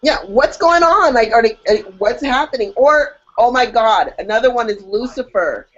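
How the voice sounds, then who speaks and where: Woman cohost gabbing on a podcast, lively jokey delivery, kinda dull lo-fi sound. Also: on the high side, moderate pace. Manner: animated, jokey, acts out reactions. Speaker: podcast co-host. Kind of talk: casual chat. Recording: dull lo-fi audio.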